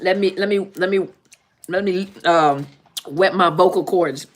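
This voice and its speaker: A woman's voice: lowish voice, measured pace. A woman therapist hosting a live-stream Q&A in a casual, joking tone, often repeating herself and laughing. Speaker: therapist and channel host.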